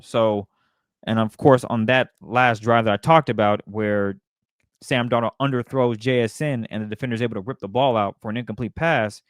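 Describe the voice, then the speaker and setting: A man's voice: medium pitch, no echo. Male sports co-host, casual analyst, dry close sound. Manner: casual, breaks down plays in detail. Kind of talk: football analysis chat.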